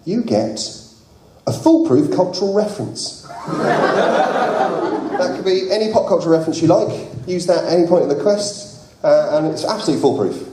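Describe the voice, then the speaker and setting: A man's voice: a little high, expressive, normal speed, slight background noise. A man running an improvised role-playing game show, narrating playfully and laughing often in a big convention hall. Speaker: game master. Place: large convention hall with live audience. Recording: echoey hall, loud crowd.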